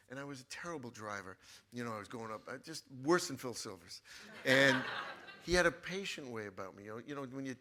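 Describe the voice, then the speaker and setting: Male guest author, casual storyteller, bright timbre, lively delivery with restarts. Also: medium pitch. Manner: animated storyteller with frequent restarts. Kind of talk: casual anecdote telling.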